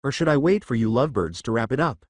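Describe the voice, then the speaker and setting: A man voicing a loud, brassy mother who scolds and teases. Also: medium pitch, animated, fast, dry recording, clean studio sound, close to an everyday voice. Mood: teasing. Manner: scolding, teasing.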